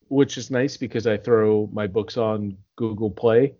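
A man's voice: fairly low pitch, fairly even intonation, unhurried, mellow. A man co-hosting a podcast, chatting casually, telling stories animatedly and swearing often. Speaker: podcast co-host. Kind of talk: casual chat. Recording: dull lo-fi sound.

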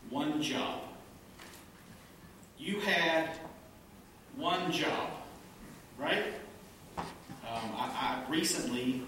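A man preaching a sermon as a pastor, telling jokes and laughing as he goes. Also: mid-range voice. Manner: animated, laughs at own jokes. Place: church sanctuary. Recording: echoey room from a distance, background noise.

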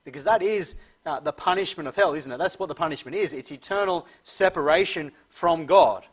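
A man preaching a sermon who reads scripture slowly and emphatically and often clears his throat. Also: fairly high pitch. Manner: slow, emphatic reading of scripture.

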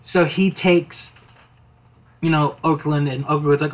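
In casual conversation, a man recalls an old wrestling videotape scene after scene, amused and rambling, with lots of fillers. His voice is on the high side, his intonation fairly even, his pace normal. The sound is thin and phone-like.

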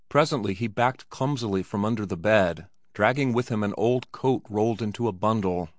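An audiobook narrator, a man, reads a story aloud in steady, scripted storytelling. His voice sits on the low side at a moderate pace with hardly any pauses, and the recording is dry and studio quality.

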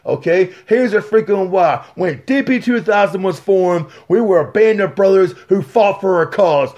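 Boisterous, high-voiced storytelling man. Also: highs cut off. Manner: boisterous, profane, animated storyteller. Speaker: guest. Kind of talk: casual podcast storytelling.

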